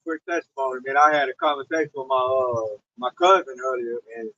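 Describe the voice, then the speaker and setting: A man's voice: medium pitch, fairly quick, sharp tone. A man in an informal Bible teaching session who reads verses aloud in a raised, earnest voice and shares a personal testimony. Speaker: co-teacher reading scripture. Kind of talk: scripture reading and testimony. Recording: dry, dull lo-fi recording.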